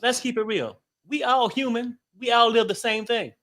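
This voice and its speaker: A man's voice: extremely high pitch, normal speed, fairly bright tone. A man co-hosting a casual online gossip show, teasing and joking with his co-host. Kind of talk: casual celebrity gossip chat.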